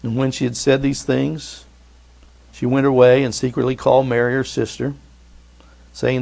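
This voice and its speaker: A man preaches to his congregation with a gravelly edge in a middle-pitched voice. He swings between loud, urging lines and quiet, tender ones. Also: monotone, normal speed, long pauses. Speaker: pastor. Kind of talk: sermon.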